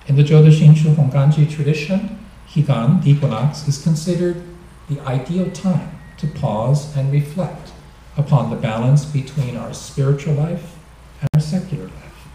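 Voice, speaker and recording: A man giving a dharma talk, explaining gently and joking now and then, recorded in a temple hall. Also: on the high side, normal speed. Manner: gentle, explanatory, with light humor. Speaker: minister. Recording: echoey hall, mic at a distance.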